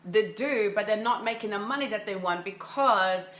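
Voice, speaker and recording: A woman's voice: mid-range voice, moderate pace, fairly bright tone, roomy sound. A woman mindset coach giving an enthusiastic, casual motivational talk, often repeating phrases for emphasis. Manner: casual, filler-heavy delivery. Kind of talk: motivational monologue.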